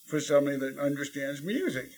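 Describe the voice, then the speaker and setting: A man's voice: on the high side, animated, fast talker, a little hiss or hum. A man quoting his blunt, matter-of-fact guitar teacher in a casual voice.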